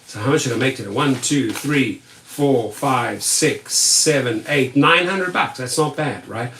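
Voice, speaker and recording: A man's voice: medium pitch, measured pace, a bit bright, echoey room, far from the mic, pitched below the performer's own voice. A man voicing a greedy, smug male politician who drawls and stammers while counting cash.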